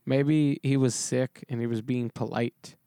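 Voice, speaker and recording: A man's voice: medium pitch, fairly even intonation, a little slow, dark tone, clear, resonant tone, no room sound. A man co-hosting a casual podcast, throwing in dry teasing wisecracks. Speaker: podcast co-host. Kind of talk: casual chat.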